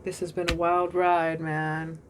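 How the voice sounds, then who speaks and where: A woman giving a storytelling tarot reading in an excitable, dramatic and profane way. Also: on the low side, unhurried, a little hiss or hum. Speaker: tarot reader.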